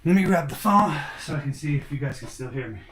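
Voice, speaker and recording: A man's voice: a little high, animated, fast, fairly bright tone. A man talks loosely to his live stream viewers, calling out their names and rambling between thoughts. He sounds a little winded, and his voice comes from some distance off the mic with a faint hiss behind it. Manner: chatty, addresses viewers by name, rambling. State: out of breath after push-ups. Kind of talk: casual IRL livestream chat. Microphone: camera mic without lapel mics.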